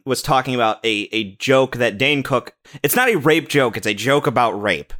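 A man sharing quick, opinionated stories as a podcast co-host in casual chat. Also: medium pitch, a bit bright. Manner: quick, opinionated storytelling with some swearing.

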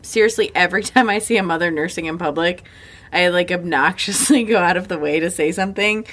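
Frank, laughing woman, a little low. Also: brisk, a bit bright. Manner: candid, swears freely, laughs often. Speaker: podcast co-host. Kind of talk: casual chat.

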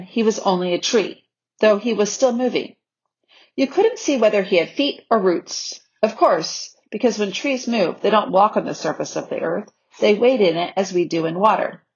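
A woman reading a children's novel aloud in a gentle, measured way, on a slightly dull recording. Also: mid-range voice, husky. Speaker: audiobook reader. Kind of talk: storybook narration.

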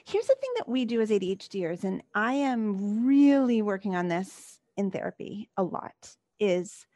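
A woman's voice: medium pitch, lively intonation, normal speed, warm tone, no room sound. A woman hosting a casual chat, asking supportive, probing questions. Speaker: podcast host.

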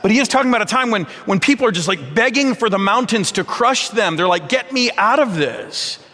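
A man's voice: high-pitched, animated, brisk, pushed and bright. A man preaching a sermon as a pastor, earnest and conversational, often restarting his words. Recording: long reverb of a large hall.

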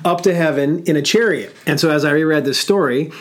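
A man co-hosting a casual podcast discussion, talking in a halting way with many fillers and restarts. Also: on the high side, a little hiss or hum. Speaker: podcast co-host.

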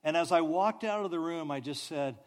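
A man preaching a sermon, telling stories with animated delivery and soft, drawn-out sighs. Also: a little high. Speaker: pastor.

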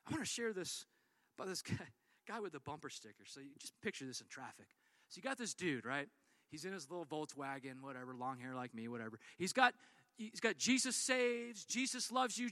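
Animated high-voiced preaching man. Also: no room sound. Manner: animated storytelling with acted-out quotes. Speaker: pastor. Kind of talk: sermon.

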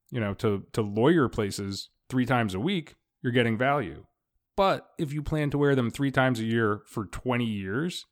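A man in his thirties co-hosting a casual podcast, talking with dry, wry humor. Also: medium pitch. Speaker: podcast co-host.

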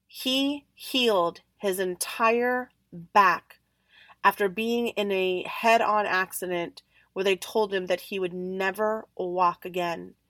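A woman hosting a podcast, telling a story in an animated way and acting out the other people's lines. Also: medium pitch, takes it slowly, no echo. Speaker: podcast host. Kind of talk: storytelling monologue.

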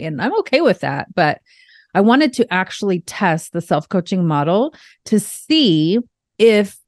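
A woman's voice: medium pitch, dry recording, studio quality. A young adult woman hosting a podcast, giving upbeat, chatty relationship advice and often checking in with "right?". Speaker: podcast host. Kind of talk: casual relationship advice talk.

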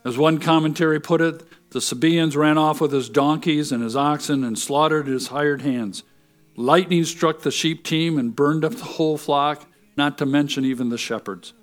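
A man preaching a sermon, reading scripture aloud and then explaining it earnestly. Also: a little high.

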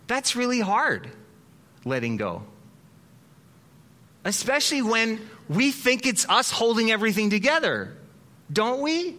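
A male pastor preaching a sermon in an animated, conversational way with dramatic pauses. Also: sits high.

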